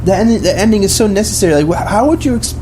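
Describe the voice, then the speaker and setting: A man's voice: high-pitched, expressive, rapid-fire, mellow, slight background noise. A man co-hosting a podcast, chatting casually about films in a rambling way, full of restarts and fillers. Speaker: podcast co-host. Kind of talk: casual film discussion.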